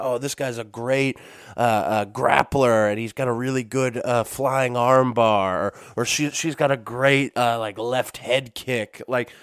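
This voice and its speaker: A man's voice: medium pitch, no room sound. A man talks alone into a podcast mic in a casual, meandering way, often stopping to correct himself and dropping in the odd curse. His voice sits in a middle register. The recording is close and dry, with no room around it. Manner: rambling, self-correcting, with frequent fillers and swearing. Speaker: podcast host. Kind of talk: casual solo podcast talk. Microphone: dusty podcast microphones.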